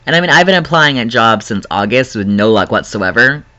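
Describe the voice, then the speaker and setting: A man's voice: medium pitch, lively intonation, a little fast, pushed and bright, highs cut off. A young man rambling in an emotional, earnest personal vlog, laughing often. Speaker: vlogger.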